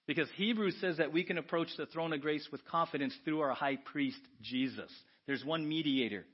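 A man delivers a sermon from the pulpit of a church, dropping to hushed asides and then rising to loud, lively exclamations. His voice sits fairly high. The recording sounds dull and lo-fi, like a church audio capture. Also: moderate pace, breathy edge. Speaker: pastor. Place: church sanctuary.

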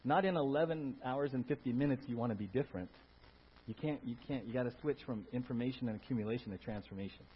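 A man preaching a sermon in church, talking in an animated way, rising to loud emphatic bursts and putting questions to the congregation. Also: mid-range voice, fast, slight background noise. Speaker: pastor. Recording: dull lo-fi sound.

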